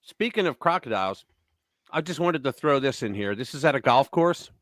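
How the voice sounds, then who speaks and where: A man's voice: mid-range voice, lively intonation, fairly quick, a bit bright, dry recording. An older man hosting a political live stream, blunt and profane, telling stories with lots of animation. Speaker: host.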